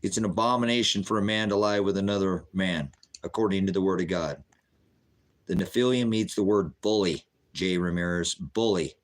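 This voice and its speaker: A man's voice: sits low, normal speed. A middle-aged man preaching bluntly on a livestream, answering viewers' chat questions in a combative, sermonizing way.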